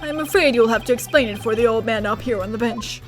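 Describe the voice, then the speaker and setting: A woman's voice: a little high, quick pace, faint music behind, close to an everyday voice. A woman voicing a bewildered, kindly old male judge while reading a game's dialogue aloud. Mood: puzzled.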